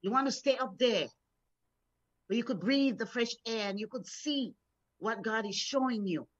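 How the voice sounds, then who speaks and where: A middle-aged woman minister from Florida, USA, delivers a morning devotional sermon, encouraging and story-driven, repeating words as she builds momentum. Her voice is a little high and her pace normal, and the recording sounds dull and lo-fi.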